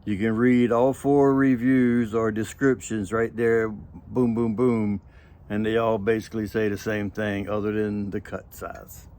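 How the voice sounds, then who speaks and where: A man's voice: fairly low pitch, little pitch movement, a little slow, darkish tone. A man hosting a casual pipe tobacco review video, talking in a folksy, rambling way with joking asides.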